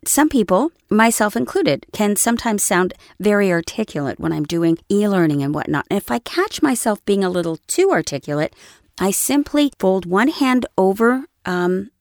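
A woman's voice: medium pitch, lively intonation, normal speed, no echo. A woman voice-over coach giving a conversational lesson on voice acting, explaining her points with little acted examples into a studio microphone. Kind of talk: instructional talk on voice acting.

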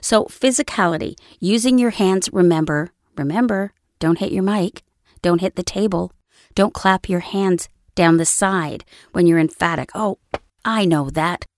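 A woman's voice: on the low side, normal speed, a little mellow, dry recording. Woman coaching voice-over, dry close sound. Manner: conversational, explains with acted examples. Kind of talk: instructional talk on voice acting. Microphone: studio microphone.

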